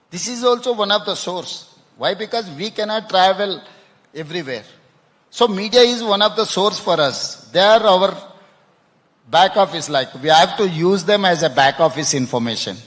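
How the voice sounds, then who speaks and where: A man answers questions at a public event, stumbling and repeating words as he goes. His voice sits a little high. The long echo of a big hall hangs behind him. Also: fairly bright tone. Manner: halting, repeats words, ends with "no?". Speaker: chief minister interviewed on stage. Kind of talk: panel interview answers. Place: conference hall stage.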